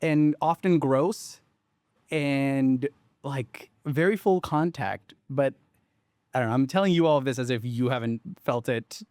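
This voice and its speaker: A man's voice: medium pitch, measured pace, no echo. Man rambling through a story, dry sound. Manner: rambling animated storytelling with many fillers and restarts; swears casually. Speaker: startup founder. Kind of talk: casual conversation.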